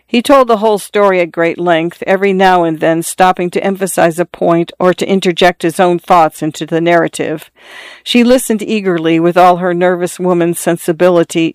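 A narrator reading a story in a measured, even way. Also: medium pitch, smooth, no room sound. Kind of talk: audiobook narration.

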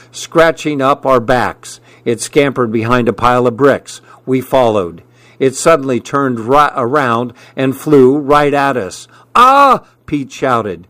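A man narrating a story as an audiobook reader, unhurried, lifting his voice for the shouted lines. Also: no room sound. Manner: unhurried storytelling, raising pitch for shouted dialogue.

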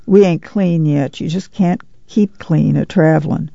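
A man's voice: a little high, measured pace, vocal fry, mellow, no echo, highs cut off. A man voicing a proud, tired mother. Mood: plain. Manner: plainspoken, firm, folksy drawl. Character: weary, proud middle-aged mother of a migrant family.

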